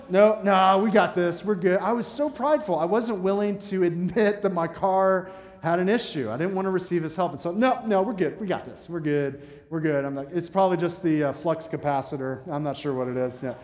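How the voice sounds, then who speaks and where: A man preaching as pastor in a church sanctuary tells stories, pokes fun at himself, and swings from lighthearted to sincere. His voice runs high with a darkish tone, and the hall around him echoes with long reverb.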